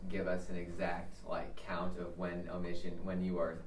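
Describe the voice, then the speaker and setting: A man's voice: low voice, completely flat delivery, moderate pace. A man in a study group offering a thoughtful, somewhat hesitant point. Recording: roomy, distant, with background noise.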